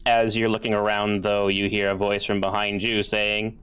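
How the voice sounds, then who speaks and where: Smooth-voiced male game master. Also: on the low side, normal speed. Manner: relaxed, conversational, frequent fillers. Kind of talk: narrating a tabletop game.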